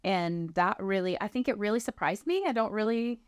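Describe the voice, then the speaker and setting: A woman's voice: mid-range voice, normal speed, smooth, dry recording, clean studio sound. A woman in her thirties sharing a personal testimony, earnestly telling her story and acting out what people said to her. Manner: earnest storytelling, acts out quoted dialogue.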